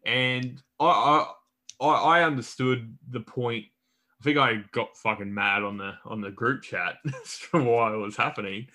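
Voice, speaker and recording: A man's voice: medium pitch, fairly even intonation, unhurried, sharp tone. A young Australian man co-hosting a podcast, chatting casually and bluntly about sport, with a bit of swearing and lots of restarts. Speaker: podcast co-host.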